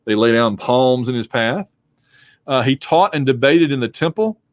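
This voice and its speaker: A man's voice: mid-range voice, animated, moderate pace, dry recording. A man giving a chatty, informal history lecture from his home basement, with asides and jokes, yawning and hiccuping now and then. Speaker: history instructor. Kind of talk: recorded online lecture.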